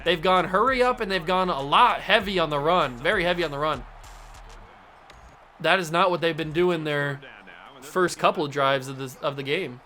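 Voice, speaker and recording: A young man hosting a gaming channel, calling his football video game plays like an excitable, jokey sportscaster. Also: a little high, normal speed. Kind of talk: casual play-by-play commentary while gaming. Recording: faint game music behind.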